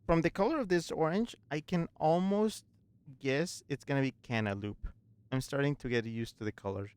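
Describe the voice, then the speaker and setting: A man's voice: fairly high pitch, moderate pace, clean tone, no room sound. A man casually commenting on his gameplay with playful, goofy asides. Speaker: streamer.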